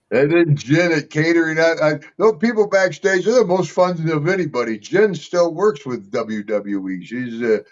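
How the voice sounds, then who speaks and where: A man's voice: a little high, expressive, normal speed. An older man, an interview guest, telling casual rambling stories and laughing often between them. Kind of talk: casual storytelling. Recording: slightly dull lo-fi sound.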